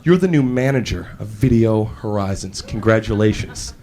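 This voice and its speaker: A man's voice: animated, moderate pace, a little mellow, slight background noise, lightly acted. Man playing a grave, serious store boss. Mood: solemn. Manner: grave, instructive, low-key. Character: solemn, overserious male video-store manager. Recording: live show with crowd laughter.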